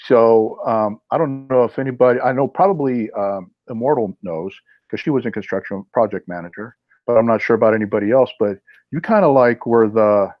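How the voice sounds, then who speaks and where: Halting male host, dry lo-fi sound. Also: mid-range voice, no echo. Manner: halting, with many fillers and restarts. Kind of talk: casual chat.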